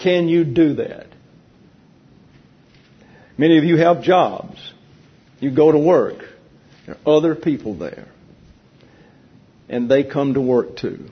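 Husky guy teaching bible class, kinda high voice, jokes around, dull lo-fi sound. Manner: teasing, conversational, explains slowly. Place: church classroom with an audience. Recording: dull lo-fi recording.

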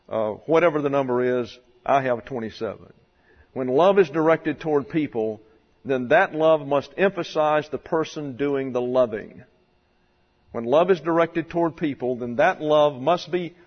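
A pastor preaching a doctrinal sermon in a church, deliberate and stressing key words as he works through numbered points. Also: medium pitch. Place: church sanctuary. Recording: dull sound with long hall reverb.

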